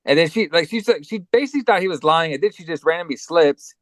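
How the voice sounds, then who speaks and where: Podcast dude retelling a horror movie, cussing a lot, kinda high voice, dry mic. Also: male voice, lively intonation, fast talker, no room sound. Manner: rambling, swearing, acting out movie lines. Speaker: podcast co-host. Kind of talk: casual movie recap chat.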